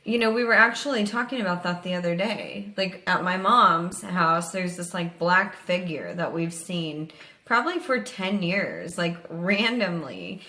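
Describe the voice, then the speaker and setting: A woman's voice: fairly low pitch, animated, measured pace, sharp tone. A young woman co-hosting a podcast, chatting casually and swearing freely while reading listener stories. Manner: casual, swears freely, laughs between lines. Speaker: podcast co-host.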